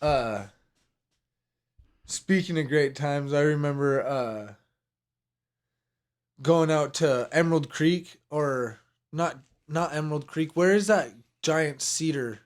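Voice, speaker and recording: A man's voice: fairly high pitch, takes it slowly, pauses often. A man hosting a casual podcast, telling a story with lots of laughter and swearing. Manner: laughs often, swears, animated retelling. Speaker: podcast host. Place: home studio room.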